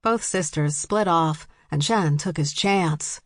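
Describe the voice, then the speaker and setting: A woman reads a novel aloud in an even, steady storytelling way, her voice sitting a little low. The recording is dry and close, made at a studio mic. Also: slow, dry recording. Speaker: audiobook narrator. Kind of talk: scripted narration.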